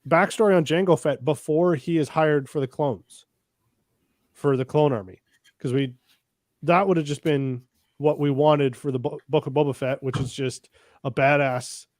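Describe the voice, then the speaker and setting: A man's voice: fairly high pitch, normal speed, darkish tone, no room sound, studio quality. Laid-back rambling podcast guy. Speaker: podcast co-host. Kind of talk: casual chat.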